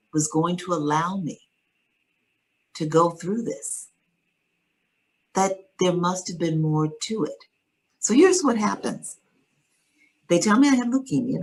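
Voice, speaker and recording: A woman earnestly telling a personal story in conversation, measured and steady, with pauses to find her words. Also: sits low, gravelly, slightly rough, low-quality recording. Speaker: guest sharing her story.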